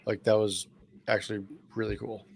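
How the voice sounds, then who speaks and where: A man's voice: on the low side, little pitch movement, normal speed, gravelly, darkish tone, breathy edge. A man co-hosting a casual podcast, cracking teasing jokes at the others. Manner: wisecracking, teasing. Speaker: podcast co-host. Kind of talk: casual chat.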